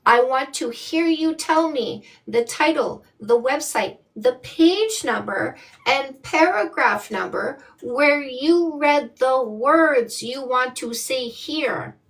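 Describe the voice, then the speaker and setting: A woman's voice: high-pitched, distant mic. A woman from Canada hosting a live stream as a dating coach, reading viewer comments with blunt, sassy emphasis. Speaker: dating coach and livestream host.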